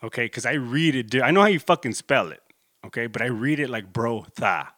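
A Corpus Christi, Texas vlogger in his thirties rambles through a solo monologue, laid-back and profane, packed with fillers. His mid-range voice is a bit bright and fairly quick, with lively intonation. The studio-quality recording has no echo.

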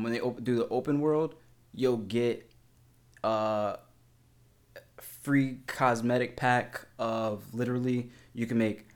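A young man chatting casually about a video game, rambling excitedly with lots of slang, filler words and casual swearing. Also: mid-range voice. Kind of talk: casual gaming vlog chat.

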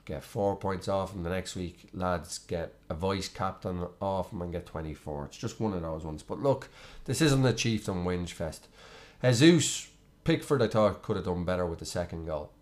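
A man with a fairly low voice hosts a loose, casual football chat. He rambles from point to point, filling pauses with ums, in an easygoing, chatty way. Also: lively intonation, darkish tone. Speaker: host.

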